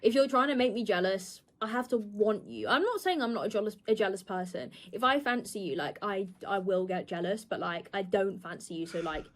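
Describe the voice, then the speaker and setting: A woman's voice: mid-range voice, animated, a little fast, few pauses. A young woman, a streamer telling a candid story in casual chat, swearing and acting out what people said.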